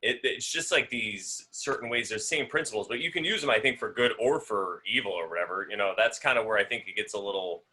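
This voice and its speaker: A man's voice: fairly low pitch, fairly quick, few pauses, pushed and bright. A man co-hosting a podcast, talking in an earnest, musing way. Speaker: podcast co-host. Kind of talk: casual chat.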